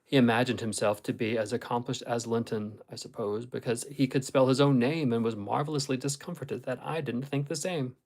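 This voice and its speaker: A man's voice: medium pitch, fairly even intonation, a little fast, few pauses, a little mellow, low-quality recording. Man reading a classic novel aloud. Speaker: audiobook reader.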